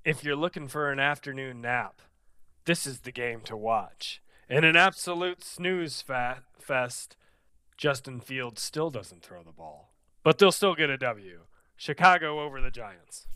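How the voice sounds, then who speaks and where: A man co-hosting a sports podcast, reading punchy game previews and trading deadpan jokes. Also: medium pitch, measured pace, clear, resonant tone, no echo, clean studio sound. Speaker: podcast co-host. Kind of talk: casual sports podcast banter.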